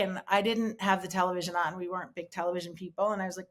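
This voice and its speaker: A middle-aged woman, an interview guest, recounting a painful personal memory in a halting way with many pauses and restarts over a remote call. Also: on the low side, steady tone. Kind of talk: emotional personal recollection.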